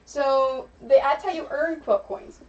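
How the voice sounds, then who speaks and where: A woman's voice: high voice, unhurried. An American woman hosting a casual crafting livestream, chatting and explaining viewer rewards. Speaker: streamer host. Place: home craft room. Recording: distant, dull lo-fi stream mic with faint noise.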